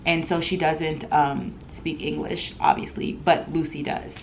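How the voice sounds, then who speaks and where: A young woman in her twenties telling an animated storytime in a home vlog, chatty and full of laughs. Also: low voice, unhurried, a little hiss or hum. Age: 20s. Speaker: vlogger.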